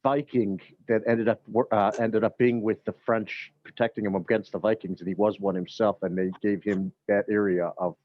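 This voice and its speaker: Low-voiced man on a muffled line. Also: little pitch movement, normal speed, hardly any pauses, no echo. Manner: easygoing, explains history at length. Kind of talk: casual chat.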